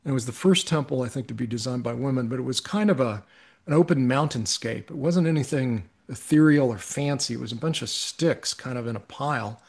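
Middle-aged male guest, gravelly and mid-pitched, earnest storyteller who often restarts. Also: fairly quick, a little mellow. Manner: earnest, reflective, with frequent restarts. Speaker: podcast guest. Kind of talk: personal storytelling in conversation.

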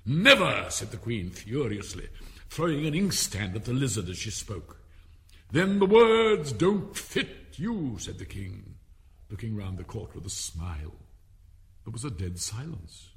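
A man narrating a storybook aloud with an animated, dramatic delivery. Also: fairly low pitch, moderate pace, creaky. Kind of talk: expressive storybook reading.

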